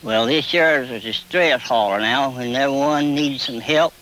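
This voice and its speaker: A man's voice: normal speed, a bit bright, a little hiss or hum, poor audio. A man, telling plainly how country folk hollered to each other. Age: 70s. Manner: plain-spoken, demonstrates long high hollers. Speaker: traditional holler caller. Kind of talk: folksy storytelling with hollering calls.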